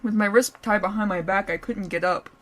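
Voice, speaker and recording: A woman's voice: medium pitch, fairly quick, fairly bright tone. Playful woman streamer reading a story. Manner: playful, giggly, breaks off to joke with chat. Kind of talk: story reading with live reactions.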